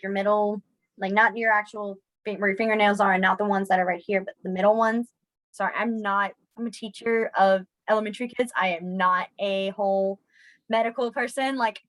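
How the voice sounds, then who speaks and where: On poor audio, a young woman talks fairly quickly in a mid-range voice, teaching a relaxed sign language class online. Chatty and self-deprecating, she becomes animated as students try signs.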